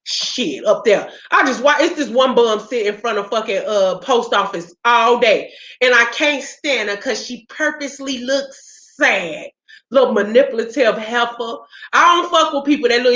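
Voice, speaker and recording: A woman, high-pitched and bright, talks casually to her viewers. She rants bluntly and profanely, with lively animation. The sound is roomy and dull, like a lo-fi home recording. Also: moderate pace. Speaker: spiritual practitioner vlogger. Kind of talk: casual livestream chat.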